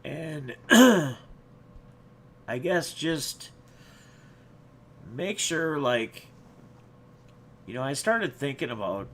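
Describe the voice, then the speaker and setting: A man's voice: fairly high pitch, big pitch swings, extremely slow, pauses often, a bit bright. A man hosting his own channel, telling viewers a personal story in a rambling, reflective way with many restarts. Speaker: channel host.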